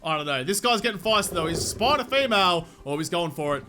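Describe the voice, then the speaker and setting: A man giving casual, excitable commentary on his gameplay, chatting to the game's animals as he plays. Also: high voice, fast talker, loud music behind the voice. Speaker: gaming channel host.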